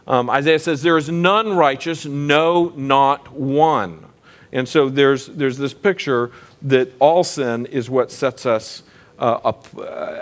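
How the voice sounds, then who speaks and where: A man teaching a church class as pastor, speaking conversationally and pausing to ask the group questions. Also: mid-range voice. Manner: conversational, asks the class questions, frequent restarts.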